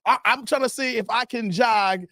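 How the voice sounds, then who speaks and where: A man's voice: very high voice, moderate pace, no room sound, clean studio sound. A middle-aged man hosting a live stream in casual chat, joking and laughing often. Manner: jokey, laughs often, animated.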